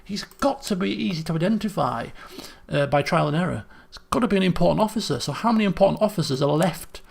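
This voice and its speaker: A man's voice: sits high, expressive, fast, creaky, slightly rough. A man, thinking aloud as he streams a puzzle game, muttering guesses and restarting sentences. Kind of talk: casual gameplay commentary.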